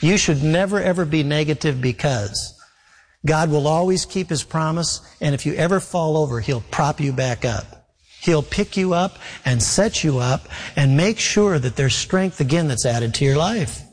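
Male preacher, storytelling sermon, somewhat high voice, long hall echo. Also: lively intonation, moderate pace. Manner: storytelling, emphatic repetition. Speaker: pastor.

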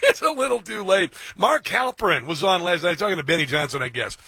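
Excitable talk radio host, husky voice. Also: male voice, high voice, a little fast, dry recording. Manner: excitable, mocking, many fillers and restarts. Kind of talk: opinionated talk radio monologue.

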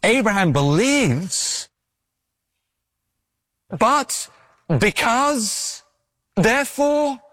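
A man's voice: very high-pitched, drawn-out words, pauses often, dry recording, studio quality. A man preaching a conversational sermon who acts out the stories he tells. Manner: conversational and animated, acting out stories.

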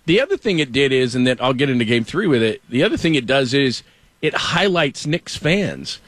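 A man's voice: medium pitch, big pitch swings, normal speed, fairly bright tone, no room sound. A middle-aged man hosting casual sports talk, rambling through stories and acting out quotes as he goes. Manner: rambling storyteller, acts out quotes. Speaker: sports radio host.

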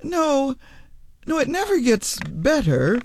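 A creepy sly old lady in a radio play, purrs and whispers, slow and swoopy. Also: high voice, very animated, exaggerated voice. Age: older. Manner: purring, sly, drops into whispers. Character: eerie, sly old woman locked in a tower.

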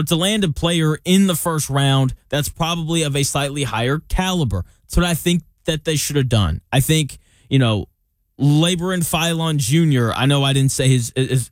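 A man's voice: fairly high pitch, dry recording. A young man hosting a sports talk show, giving opinionated, conversational commentary with jokey asides.

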